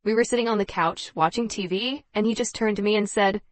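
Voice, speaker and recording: A woman's voice: medium pitch, fairly quick, no echo. Woman reading a first-person drama story.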